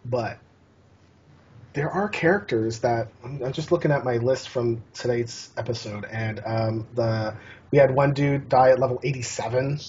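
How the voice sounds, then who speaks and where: A man's voice: medium pitch, normal speed, a little mellow, slightly rough. A man guest on a casual gaming podcast, talking in a rambling way with many restarts and fillers. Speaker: guest, challenge curator. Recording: dull lo-fi podcast audio.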